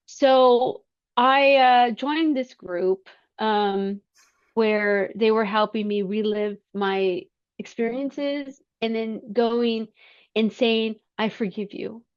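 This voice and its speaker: A woman telling her personal story as a podcast guest, halting, with many fillers and restarts. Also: a little high, smooth, dull audio.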